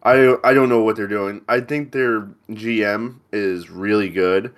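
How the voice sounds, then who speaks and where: A man's voice: fairly low pitch, steady tone, unhurried, clean tone. A man co-hosting a podcast, chatting casually and making dry, profane wisecracks. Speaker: podcast co-host. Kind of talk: casual chat.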